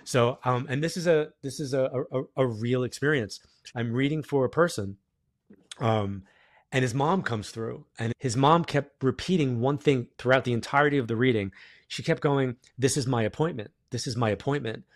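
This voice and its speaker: A middle-aged man, a guest on a podcast, who tells stories in a casual, animated way and acts out the quoted dialogue. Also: mid-range voice, moderate pace, dry recording, clean studio sound. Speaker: guest psychic medium. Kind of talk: casual storytelling interview.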